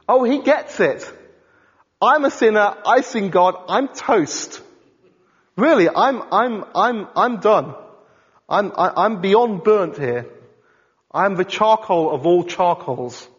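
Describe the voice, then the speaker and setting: A man preaching a sermon in an animated, conversational way, often asking his congregation questions. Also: high-pitched, a little slow, breathy edge. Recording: dull sound in a reverberant hall.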